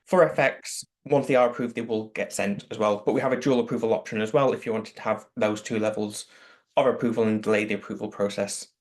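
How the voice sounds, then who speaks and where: A man's voice: on the low side, fairly even intonation, quick pace. A man answering webinar questions as a product expert, explaining things in a practical, matter-of-fact way over a video call.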